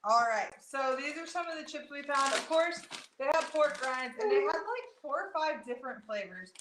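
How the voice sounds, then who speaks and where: A woman's voice: sits high, expressive, normal speed. A woman chatting animatedly to her viewers as co-host of a food vlog. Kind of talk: casual chat. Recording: echoey room with faint noise.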